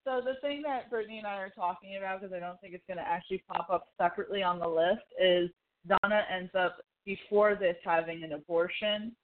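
A woman co-hosting a casual podcast, retelling scenes from a TV show in an animated, chatty way and acting out the characters' lines. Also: medium pitch, fairly quick. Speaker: podcast co-host. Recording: phone-like narrow sound.

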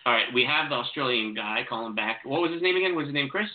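A man hosting a call-in show, talking quickly and excitably with stumbling restarts, over tinny phone-like audio. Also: medium pitch. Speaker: show host taking calls. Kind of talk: casual call-in chat.

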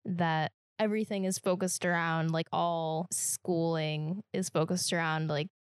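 A woman co-hosting a podcast, thinking aloud and asking questions. Her voice is a bit low and her pace unhurried. The recording is dry and close. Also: steady tone, clear, resonant tone, no room sound. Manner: slow, thoughtful, questioning, with frequent "like". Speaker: podcast co-host. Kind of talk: casual chat.

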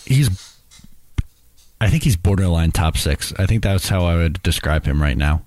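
A young man with a notably deep voice, co-hosting a casual sports podcast. He is relaxed and wry, and he leads the talk from one segment to the next. The sound is dry and close to the mic. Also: moderate pace, dry recording. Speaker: podcast co-host.

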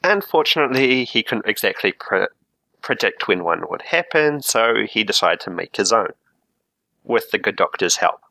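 A man's voice: lowish voice, very animated, moderate pace, vocal fry, bright, forceful tone, dry recording, rough recording. A man playing a character in a tabletop role-playing game, casually explaining backstory. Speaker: player.

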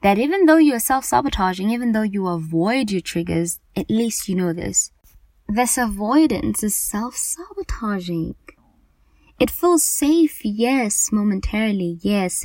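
A woman's voice: mid-range voice, a little mellow, dry recording. A woman podcast host speaking earnestly and emphatically about anxiety in a personal monologue, often repeating herself for stress.

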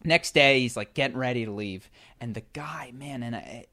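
A man with a middle-pitched voice telling a story in relaxed conversation. He talks animatedly, stumbling and restarting as he goes, with plenty of fillers. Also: moderate pace. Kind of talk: casual storytelling chat.

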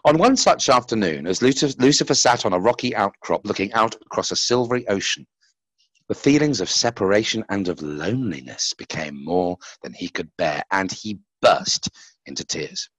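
A man reading a story aloud in an expressive, dramatic way, voicing its characters. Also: normal speed, breathy edge, no echo. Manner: dramatic, with wide swings of pitch and loudness.

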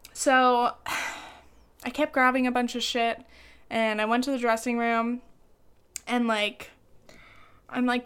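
A woman's voice: fairly high pitch, a bit bright, smooth. A young woman vlogging in casual chat, talking freely with lots of fillers and swearing.

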